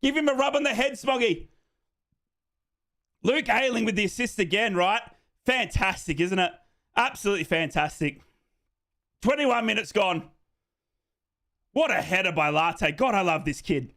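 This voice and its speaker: Male fan host calling a match live, high bright voice, swings to shouting. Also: normal speed, long pauses. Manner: excitable, bursts into shouting celebrations; reads out viewers' names and answers them. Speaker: host of a live football watchalong.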